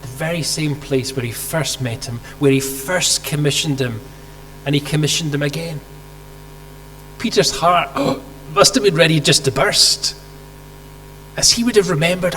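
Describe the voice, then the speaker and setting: A man's voice: on the high side, moderate pace, fairly bright tone. A man preaching a sermon, telling a story vividly and asking rhetorical questions, acting out quoted lines. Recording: hall reverb with faint mains hum.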